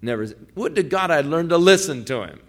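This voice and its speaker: A man's voice: a little high, expressive, fairly quick. Man preaching with big dynamic swings. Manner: swings from loud preaching to hushed pleading; folksy storytelling with restarts. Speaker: pastor. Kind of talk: sermon.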